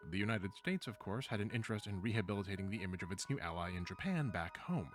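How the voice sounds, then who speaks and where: A man giving scripted video-essay narration in a measured way, with dry, wry asides. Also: lowish voice, animated, faint music behind.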